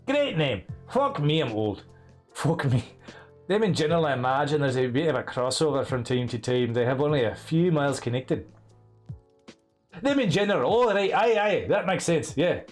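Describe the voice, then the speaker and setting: A man chatting through a game in a jokey put-on Scottish accent, swearing freely. His voice sits a little high for a man, with faint game music playing behind him. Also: big pitch swings, moderate pace. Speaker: streamer. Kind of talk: casual gameplay commentary.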